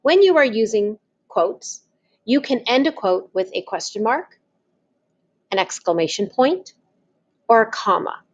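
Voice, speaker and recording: A woman's voice: on the high side, expressive, unhurried, pauses often, muffled recording. A woman teaching, talking patiently and spelling things out step by step. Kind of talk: slow, deliberate classroom explanation.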